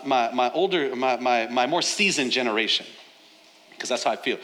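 A male pastor preaching a sermon, moving from soft, tearful storytelling to loud, shouted preaching. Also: a little high. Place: large church hall. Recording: long hall reverb, faint room noise.

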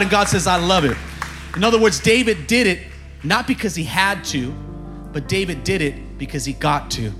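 Male pastor, high voice, energetic sermon, calls to the congregation, quiet music underneath. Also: moderate pace. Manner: energetic preaching, bursts of shouting, call-and-response. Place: church sanctuary.

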